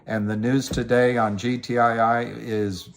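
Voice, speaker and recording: A man's voice: medium pitch, little pitch movement, measured pace, creaky. Rambling middle-aged man chatting on a livestream. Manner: rambling, self-deprecating, reads viewer comments aloud. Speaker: livestream host. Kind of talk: casual livestream chat about stocks.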